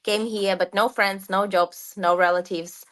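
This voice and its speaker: Woman, measured podcast guest. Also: medium pitch, steady tone, a bit bright. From Ukraine. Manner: measured, drops articles at times. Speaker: guest, success coach. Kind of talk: podcast interview.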